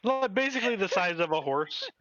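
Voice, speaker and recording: A tabletop player delivers jokes with deadpan earnestness while their pitch swings widely. The stream sound is dry and somewhat muffled. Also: fairly quick, dry recording. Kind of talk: in-character tabletop play.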